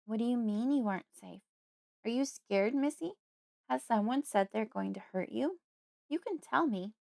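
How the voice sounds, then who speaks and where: A woman reading an audiobook, voicing a wary, suspicious woman friend who asks insistent questions in a higher voice. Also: animated, normal speed, creaky, darkish tone. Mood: soft coaxing.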